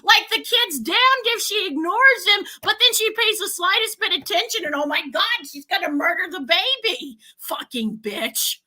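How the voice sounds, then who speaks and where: High bright ranting woman. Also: expressive, moderate pace, few pauses. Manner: profane, ranting, laughs often. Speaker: podcast co-host. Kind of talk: casual film review chat.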